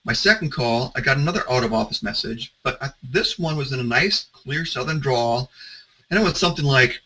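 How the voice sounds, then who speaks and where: A man's voice: medium pitch, expressive, brisk, pushed and bright, poor audio. A man presenting as a security consultant, telling stories in a conversational way, with some restarts. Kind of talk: presentation talk.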